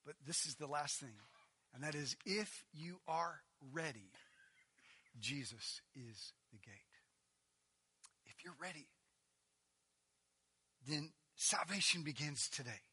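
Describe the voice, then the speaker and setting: Male pastor, high and piercingly bright voice, dramatic loud-soft sermon delivery. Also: lively intonation, breathy edge. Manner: preaching with dramatic swings from loud to hushed; stretches key phrases slowly for emphasis.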